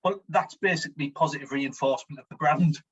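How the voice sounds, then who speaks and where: A man's voice: fairly high pitch, quick pace, fairly bright tone, slightly rough, dull audio. A man with a Teesside accent, co-hosting a casual comic chat and telling jokey stories. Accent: Teesside (Smoggy). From Teesside, England. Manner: jokey, chuckling storyteller. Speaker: podcast co-host.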